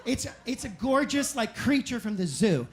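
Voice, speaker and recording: A man telling animated, self-mocking stories as a stand-up comedian on a club stage. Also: extremely high pitch. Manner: animated, self-mocking anecdotes with quick asides. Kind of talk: stand-up storytelling.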